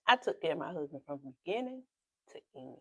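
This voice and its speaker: A woman pastor with a South Carolina accent gives a personal testimony as a podcast guest. She tells the story emotionally, acts out the dialogue, and often drops to a hushed whisper. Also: deep voice, big pitch swings, fairly quick, husky, no echo. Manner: repeats and re-enacts dialogue with quoted speech.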